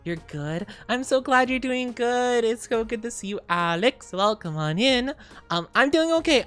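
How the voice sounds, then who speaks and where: Bubbly streamer woman, smooth voice. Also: on the high side, lively intonation, normal speed, a bit bright, faint music behind. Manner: bubbly, chatty, greets chat by name; playful sing-song asides. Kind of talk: casual livestream chat.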